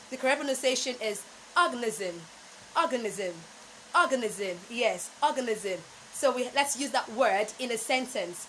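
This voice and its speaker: A woman with a Nigerian English accent, a speech training coach teaching pronunciation and repeating words slowly for emphasis. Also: a little high, fairly bright tone, slight background noise, poor audio. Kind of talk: pronunciation lesson.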